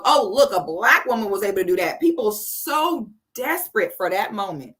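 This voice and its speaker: A woman in her 30s is ranting on a livestream she hosts, offering casual commentary in a blunt, sassy and profane way. The voice is mid-range, bright and forceful.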